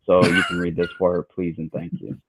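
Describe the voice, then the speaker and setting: A man whose first language is French, hosting a livestream and steering the talk quickly. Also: deep voice, flat delivery, background noise. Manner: quick, directing the conversation. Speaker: host. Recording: tinny phone-like line.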